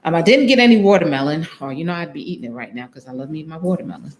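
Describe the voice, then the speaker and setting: A woman's voice: deep voice, expressive, very fast, a little hiss or hum. A woman vlogger telling a travel story on a live stream, chatty, laughing often and acting out what she said, and talking straight to her viewers.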